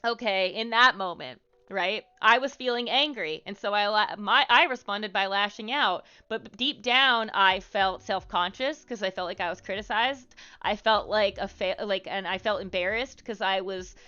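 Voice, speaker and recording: Speaking at a normal speed with hardly any pauses, this woman has a medium-pitched voice with a sharp, clean tone. She's a livestream host dishing out casual social advice, frank and rambling, with lots of "like," "um," and casual swearing. The stream audio sounds slightly muffled, and faint music is audible.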